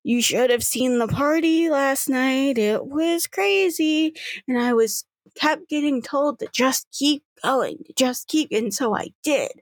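A woman's voice: high-pitched, measured pace, dry recording, voice pushed up. A woman doing a sluggish hungover bunny-eared shopkeeper girl. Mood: rambling.

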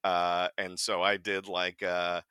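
Male podcast guest, low bright voice, dry close sound, lively storyteller who acts out quotes. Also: takes it slowly, smooth, dry recording. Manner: animated storyteller, acts out quotes, laughs often. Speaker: voice actor guest. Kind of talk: casual podcast chat.

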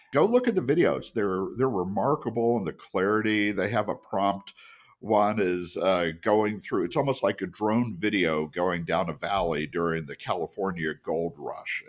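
A man co-hosting a casual podcast discussion, talking in an earnest, explanatory way and often easing down in tone at the end of his phrases. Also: low-pitched. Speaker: podcast co-host.

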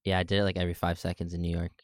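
A man's voice: deep voice, completely flat delivery, rapid-fire, no room sound, clean studio sound. A young man with a Canadian accent co-hosting a sports podcast, chatty and enthusiastic in his stories. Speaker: podcast co-host. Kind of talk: casual sports podcast chat.

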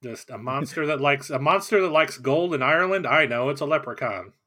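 A man's voice: mid-range voice, fairly quick. A man co-hosting a casual film podcast, talking loosely with many fillers. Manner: relaxed, hesitant, filler-heavy. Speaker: podcast co-host.

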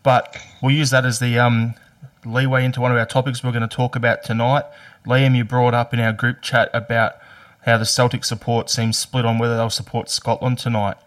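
A man hosting a casual podcast, speaking in a flat, even tone with little rise or fall. He sounds somewhat distant from the microphone and keeps things relaxed as he steers the chat. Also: mid-range voice, a little fast. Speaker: podcast host. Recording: voice heard from off mic.

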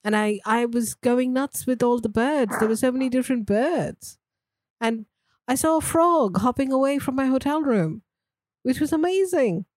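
A woman's voice: high-pitched, expressive, normal speed, a little mellow, dry recording. A woman co-hosting a movie podcast in a casual chat, easygoing and agreeable, chatting freely. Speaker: podcast co-host.

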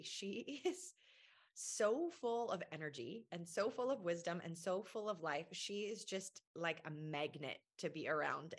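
A woman hosting a faith podcast, teaching with earnest emphasis and chatting warmly with a friend. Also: on the low side, no room sound. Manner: earnest, emphatic, laughs often. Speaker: podcast host.

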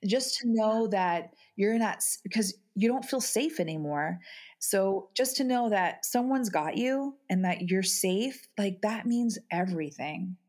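A middle-aged woman speaking as a podcast guest, halting and repeating her words as she talks through grief. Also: mid-range voice, animated, a little mellow. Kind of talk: emotional podcast conversation.

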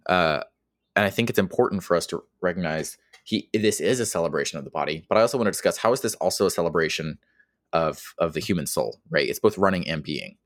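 Deep-voiced man laying out discussion points. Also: lively intonation, quick pace, dry recording, clean studio sound. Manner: thoughtful, lays out points in order. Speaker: podcast co-host. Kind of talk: casual discussion.

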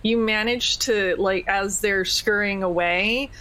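A woman narrating as game master in a tabletop role-playing game, relaxed and laughing easily. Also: mid-range voice, slow pace, low-quality recording.

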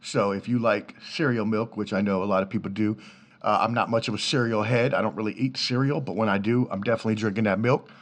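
A man's voice: lowish voice, steady tone, quick pace. A man in his thirties hosts a solo podcast from a small home setup in his apartment, speaking into a studio mic through a preamp. He rambles from topic to topic in a loose, chatty way, swearing freely and laughing easily. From Washington, D.C. area. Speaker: podcast host.

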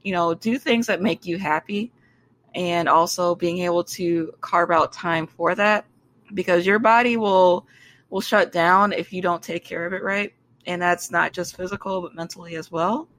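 Bright-voiced woman doctor chatting. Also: lowish voice, fairly even intonation, normal speed. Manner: reflective, earnest advice. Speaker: podcast co-host, doctor. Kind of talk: casual chat.

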